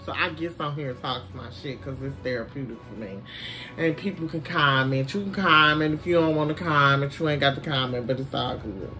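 A woman's voice: very deep voice, a little fast, bright, forceful tone, faint music behind. A woman from Detroit with a Southern US twang, a little tipsy, chatting casually and profanely to her viewers while unboxing a beauty package. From Detroit, USA. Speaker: beauty vlogger.

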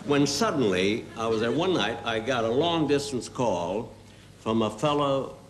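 A man telling a slow, deadpan comic story as a guest comedian on a TV variety show, full of pauses and asides. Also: mid-range voice. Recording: hissy 1970s TV broadcast recording.

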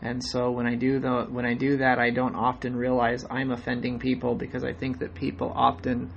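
A man talking in a flat, deadpan, plain-spoken way during a call, heard through dull, lo-fi call audio. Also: medium pitch, brisk, creaky, slight background noise. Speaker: interviewer, former Mormon. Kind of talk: conversation over a call. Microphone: phone or video call.

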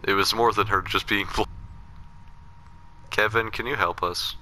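A young man giving casual, excitable gameplay commentary and talking playfully to game characters. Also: lowish voice, unhurried, slight background noise. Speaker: gaming commentator.

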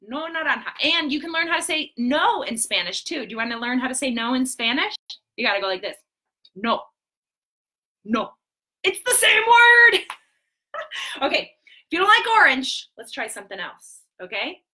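Lively woman children's entertainer. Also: sits high. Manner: animated and sing-song, with gasps and quick asides. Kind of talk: live stream for preschoolers. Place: home.

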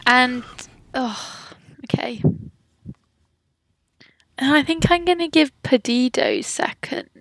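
A woman's voice: sits high, animated, takes it slowly, vocal fry, long pauses, a bit bright, no room sound. A woman, a guest on a podcast, chatting casually, giggling and teasing herself. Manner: giggly, self-deprecating.

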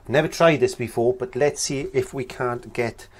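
A man with a medium-pitched voice and a moderate pace teaches a painting tutorial. He chats casually, thinking aloud and using fillers as he works.

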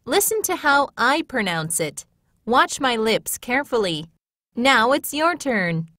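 A woman's voice: on the high side, sing-song, a little slow, pushed and bright. A woman reading a model classroom exchange in an encouraging, teacher-like way.

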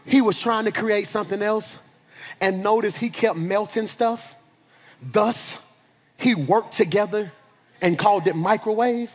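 High-pitched shouting preacher man. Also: unhurried, long reverb tail. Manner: preaching with call-and-response energy, often shouting; colloquial, repeats words for emphasis. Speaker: pastor. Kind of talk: sermon. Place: large church hall with an audience.

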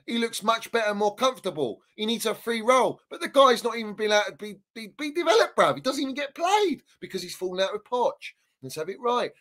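A man's voice: high voice, a bit bright. A man, a guest on a football podcast, ranting heatedly in casual debate. He swears freely and hammers his points home by repeating them. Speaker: Chelsea fan guest.

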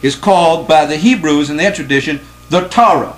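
A man's voice: fairly high pitch, a little fast, low-quality recording. A man giving a classroom lecture to a live audience, speaking with emphasis, quizzing the listeners and repeating points to stress them.

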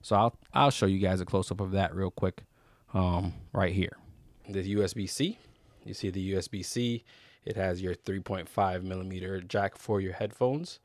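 A man's voice: low voice, steady tone, normal speed, no room sound. A man casually reviewing microphones on camera, rambling with fillers and restarts. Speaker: YouTube gear reviewer. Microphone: close studio microphone.

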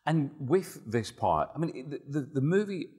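A man's voice: mid-range voice, very animated, moderate pace, darkish tone, husky. A man interviewing a guest on a TV show, effusive and complimentary.

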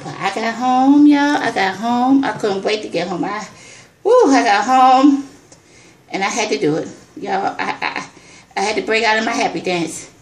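A woman vlogger telling an excited personal story, exclaiming, repeating herself and calling her viewers y'all. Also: fairly high pitch, normal speed, echoey room, a little hiss or hum.

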